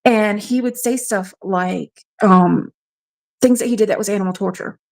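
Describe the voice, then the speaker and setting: A woman's voice: mid-range voice, moderate pace, creaky, darkish tone. A woman from South Carolina, frankly recounting a personal ordeal as a radio show guest. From South Carolina, USA. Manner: frank, matter-of-fact storytelling. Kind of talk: personal testimony.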